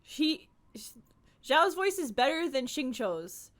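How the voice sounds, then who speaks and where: A young woman streamer giving casual, animated gaming commentary, ranting and giggling. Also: high-pitched, slow.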